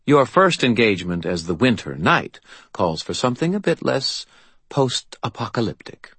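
A man's voice: medium pitch, big pitch swings, moderate pace, fairly bright tone, husky, no room sound, voice pushed up, heavily acted. A haughty, ageless fairy godmother , as a man puts her on, arch and commanding in a storybook reading. The voice sits well above a man's usual range and sounds a touch distant, fussing grandly over every detail. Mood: imperious. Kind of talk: audiobook character voice.

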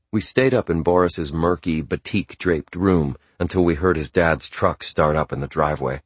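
A male audiobook narrator with a very deep, husky voice, reading in a measured and restrained manner. The recording is close and dry, with no room sound. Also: no echo. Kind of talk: scripted narration.

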